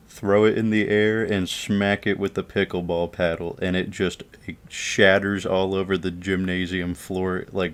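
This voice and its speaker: A man casually telling a funny story from his school days, loose and profane, laughing along. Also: sits low. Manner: loose and profane, chuckling through the tale.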